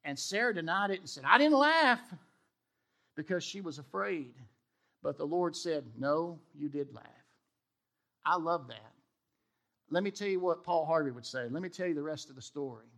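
Animated man preaching, high-pitched. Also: brisk, creaky. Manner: animated storytelling, acts out the dialogue of the people he quotes. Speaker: pastor. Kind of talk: sermon.

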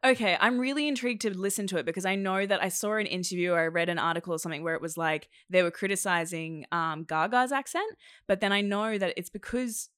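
A woman's voice: mid-range voice, quick pace, fairly bright tone, smooth, dry recording, studio quality. A woman chatting casually about films, rambling with lots of fillers. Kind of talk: casual chat.

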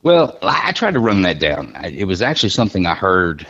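A middle-aged man with a husky, deep voice chats loosely on a podcast. He rambles through stories with restarts and jokes. The recording sounds dull and lo-fi. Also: big pitch swings, a little fast, a bit bright. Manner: rambling, joking storyteller with many restarts. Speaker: podcast guest. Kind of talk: casual chat.

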